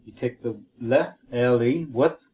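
A man's voice: mid-range voice, slow pace, dark tone, slight background noise. A man with a Northern Irish accent co-hosting a podcast, teaching a language lesson methodically and spelling and repeating words.

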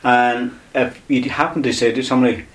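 A man's voice: mid-range voice, fairly even intonation, fairly quick, a bit bright. Patient man teaching grammar. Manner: patient, explains step by step with repetition. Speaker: Irish language teacher. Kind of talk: radio language lesson.

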